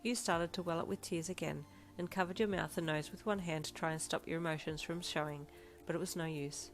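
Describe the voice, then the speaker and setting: A woman with a low, mellow voice reads second-person fanfiction aloud. Her narration is steady and plain, moving through the story at an even pace. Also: brisk, faint music behind. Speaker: audiobook narrator.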